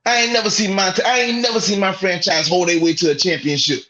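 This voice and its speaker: A man's voice: high-pitched, steady tone, fast talker, pushed and bright. A man co-hosting a sports talk show, ranting in an exasperated, profane way. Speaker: podcast co-host. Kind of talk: heated sports rant.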